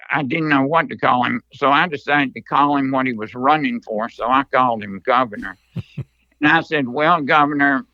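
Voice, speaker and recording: An older man telling stories from long ago as an interview guest, in a slow, earnest manner. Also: mid-range voice, bright, forceful tone, dry recording, muffled recording. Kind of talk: storytelling interview.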